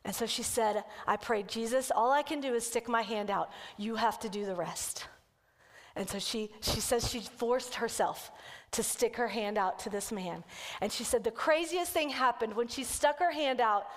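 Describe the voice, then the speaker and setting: A woman kids' pastor telling a story in a sermon and then leading the congregation through a slow, earnest breathing prayer. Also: fairly high pitch. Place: church sanctuary. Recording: church hall with long reverb.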